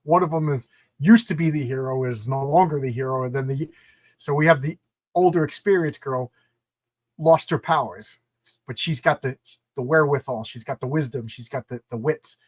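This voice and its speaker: A man's voice: medium pitch, normal speed, no room sound. A man hosting a casual interview podcast, talking with enthusiasm and often repeating words as he starts sentences. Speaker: podcast host.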